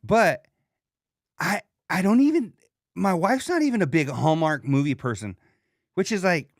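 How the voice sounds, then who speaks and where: Animated slangy man hosting a podcast. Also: high-pitched, unhurried, dry recording, studio quality. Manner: animated, slangy, acts out quoted lines. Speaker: podcast host. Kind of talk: casual chat.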